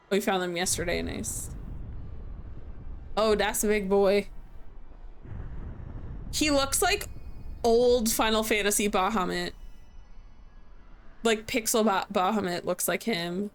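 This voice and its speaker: A woman's voice: medium pitch, slow pace, long pauses, slight background noise. A sleepy young woman streaming a game, joking around, laughing and chatting with her viewers. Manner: chatty, joking, laughs often, reads chat aloud. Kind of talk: casual live-stream game commentary.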